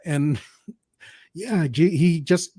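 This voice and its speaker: A man's voice: a little high, drawn-out words, dark tone, slightly rough, no echo, studio quality. Chatty man hosting a film review. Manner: laughs often, opinionated and chatty. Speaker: podcast host. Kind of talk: casual film review chat.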